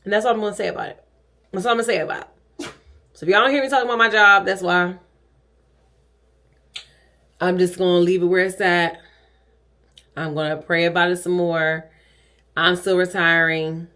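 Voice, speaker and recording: A woman's voice: on the low side, fairly even intonation, moderate pace, pauses often, bright, forceful tone. Chatty, dramatic middle-aged woman vlogger. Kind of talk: casual chat.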